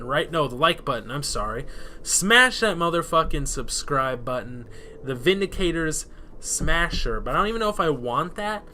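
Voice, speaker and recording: A man giving rambling, excitable let's play commentary, swearing freely while he plays. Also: a little high, moderate pace, a little hiss or hum. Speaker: gameplay commentator.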